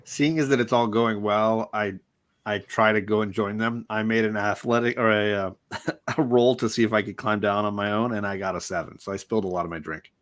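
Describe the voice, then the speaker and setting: A man's voice: fairly low pitch, fairly even intonation, a little fast, a bit bright. A man playing a tabletop game, joking and chuckling as he describes his rolls. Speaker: player. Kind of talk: casual tabletop play.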